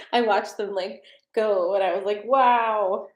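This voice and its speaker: A woman's voice: medium pitch, fairly even intonation, slow, a little mellow, echoey room. Chatty woman reading tarot cards live. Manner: chatty and rambling, with frequent fillers and laughs. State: slightly out of breath. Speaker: tarot card reader hosting a live stream. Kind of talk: casual live-stream card reading. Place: home desk with a treadmill.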